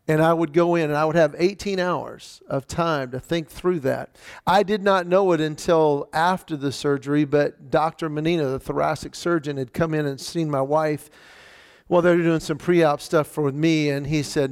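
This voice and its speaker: Gravelly man telling a story on stage. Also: moderate pace. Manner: animated, acts out quoted voices with rising pitch. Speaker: speaker telling a personal story. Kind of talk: storytelling talk to a live audience.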